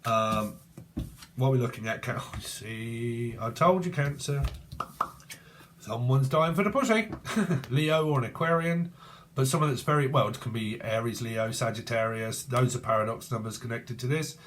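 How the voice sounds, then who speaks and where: A man's voice: mid-range voice, normal speed, noisy background. A man in his forties giving a loose, jokey tarot reading, rambling and laughing often. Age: 40s. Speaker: tarot reader. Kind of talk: casual tarot reading monologue.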